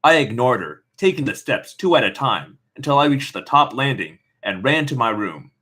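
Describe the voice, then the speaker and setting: A man's voice: medium pitch, lively intonation, normal speed, pushed and bright, husky. Man reading a novel with snarky asides. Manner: sarcastic comments on the text. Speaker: reader.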